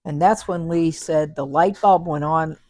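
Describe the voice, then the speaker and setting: A woman's voice: low-pitched, unhurried, a little mellow, dry recording. A woman co-hosting a casual chat who sounds tired, yawning between laid-back remarks. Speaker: co-host.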